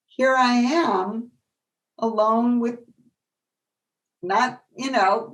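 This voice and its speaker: A middle-aged woman presenting a workshop, telling animated stories and acting out the voices of people she quotes. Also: high voice. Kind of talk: storytelling lecture.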